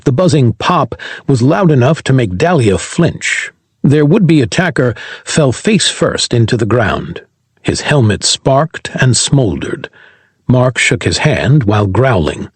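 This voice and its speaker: A man reads an audiobook with a husky, slightly breathy voice. His pitch rises and falls in an animated way, and the recording is close and dry with no room sound. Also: dry recording. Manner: voices every character himself. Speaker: audiobook narrator. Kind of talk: scripted audiobook narration.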